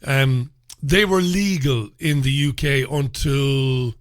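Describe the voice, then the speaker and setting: A man's voice: medium pitch, fairly even intonation, slow, dry recording, studio quality. A man with an Irish accent hosting a solo talk radio show, chatty and opinionated with informal asides. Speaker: radio host. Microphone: studio microphone.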